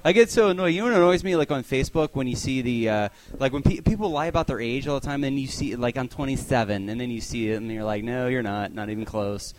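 A man's voice: medium pitch, lively intonation, quick pace, few pauses, a little hiss or hum. A man doing a stand-up set on a club stage, complaining in exasperated rants and acting out the people he mocks. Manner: exasperated rants with acted-out voices. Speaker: stand-up comedian.

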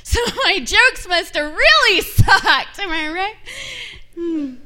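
Brash high-voiced woman doing stand-up. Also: takes it slowly. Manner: brash, bawdy, animated. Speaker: stand-up comedian. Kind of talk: stand-up set.

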